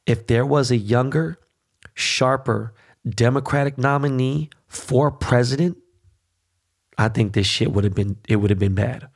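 Male podcast host, mid-pitched voice, swearing nonstop in a fired-up rant. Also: measured pace. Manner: heated, swearing constantly, repeats "okay?". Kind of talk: profane political rant.

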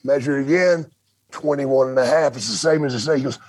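Gravelly older man telling stories. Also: fairly high pitch, brisk, a little mellow, no room sound. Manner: colorful, profane storyteller who acts out quotes. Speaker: podcast host, storyteller. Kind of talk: casual storytelling chat.

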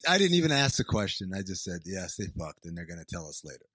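A man's voice: low voice, sing-song, fast talker, a bit bright, dry recording. A man co-hosting a podcast, chatting casually and laughing easily. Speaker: podcast co-host. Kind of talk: casual chat.

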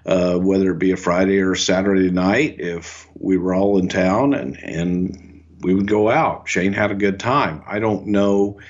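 An older man co-hosting a podcast, telling relaxed stories, chuckling often and acting out quotes. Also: sits low, a little slow, dull audio. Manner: relaxed, chuckling storyteller who acts out quotes. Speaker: podcast co-host and former wrestling executive. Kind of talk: anecdotal storytelling.

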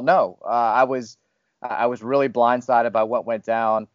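A man's voice: medium pitch, steady tone, normal speed, no room sound, dull audio. A man hosting a casual podcast, talking candidly and rambling a little, with self-deprecating humor. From Louisville, Kentucky area. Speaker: podcast host, fired radio host.

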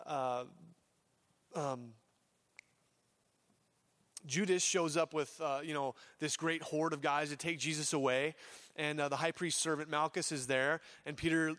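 A man preaching a casual sermon, slightly higher-pitched for a man. He tells the story loosely, full of fillers and playful voiced asides as he goes. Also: a bit bright. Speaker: pastor.

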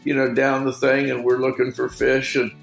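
A middle-aged man with a gravelly edge, spinning loose fishing stories in a relaxed interview. He wanders through his anecdotes, peppering them with "you know", and the room around him rings with echo. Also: medium pitch, normal speed, faint music behind. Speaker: fishing guide. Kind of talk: casual storytelling interview.

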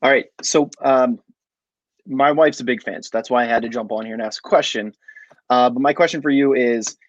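A man's voice: medium pitch, brisk, no echo, lo-fi sound. A man joking around as a caller before asking his question on a live stream.

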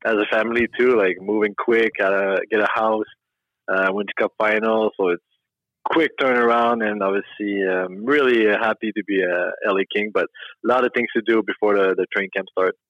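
A young man with a Québécois French accent, French his first language, speaking haltingly as an interview guest over a remote line. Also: lowish voice, fairly even intonation, no echo, lo-fi sound. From Quebec. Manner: halting, friendly, many fillers. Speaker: hockey player guest.

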